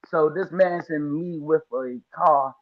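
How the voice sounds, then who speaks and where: A man's voice: on the high side, slow pace, highs cut off. A man from the Washington, D.C. area, a lawn care business owner telling his story as a podcast guest, casual and slangy, acting out quotes.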